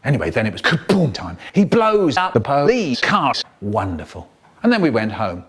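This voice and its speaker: Lively man telling a comic story. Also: mid-range voice, normal speed, breathy edge. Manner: animated, exaggerated storyteller voice leaping up and down. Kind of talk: comic storytelling, spliced into a remix.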